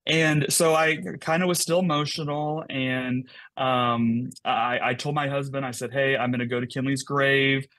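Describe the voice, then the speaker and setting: A man, a podcast guest, telling an emotional personal story in a fast, animated way, often repeating words. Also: medium pitch, dry recording.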